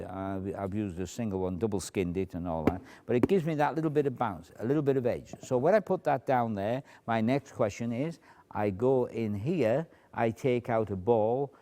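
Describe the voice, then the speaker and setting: A magician with a mid-range, slightly mellow voice walks through a routine in a demonstration tutorial. He's chatty and explanatory, drifting into asides and acted-out quotes.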